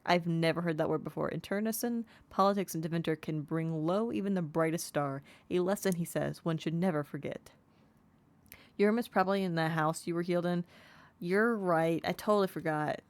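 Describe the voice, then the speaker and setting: A woman's voice: lowish voice, fairly even intonation, moderate pace, no echo. A woman streaming a game, chatting casually and reading in-game text aloud, sounding out unfamiliar words as she goes.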